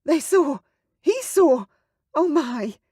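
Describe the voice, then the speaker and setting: A man's voice: very high voice, expressive, slow, warm tone, no room sound, studio quality, voice pushed up, full character voice. A man voicing an anxious young noblewoman in an audiobook, pleading and breathless. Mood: panicked. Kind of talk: audiobook character voice.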